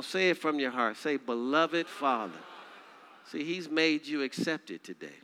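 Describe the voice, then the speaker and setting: A man preaching a sermon as pastor, coaxing the congregation to repeat lines and swinging from quiet low passages to high, loud declaiming. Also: clean tone. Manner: call-and-response preaching, urging the congregation to repeat phrases.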